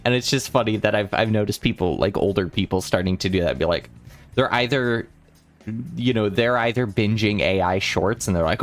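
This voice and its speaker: A young man on a casual study livestream, working through math problems out loud, rambling and correcting himself as he talks to chat. His voice is still a little rough from the morning. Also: lowish voice, a little slow, long pauses, faint music behind. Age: young adult. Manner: rambling, self-correcting, chatty with chat readers. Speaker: vtuber math streamer.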